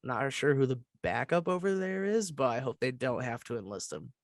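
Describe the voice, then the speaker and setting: A man's voice: mid-range voice, animated, a little fast, dry recording, clean studio sound. A young man co-hosting a sports podcast, talking casually and restarting his sentences as he goes. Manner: chatty, trails off and restarts. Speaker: podcast co-host.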